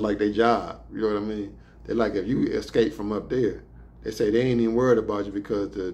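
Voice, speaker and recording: In a medium-pitched, darkish voice, a man casually tells stories about prison transport and life behind bars. His loose streetwise slang is thick with swearing.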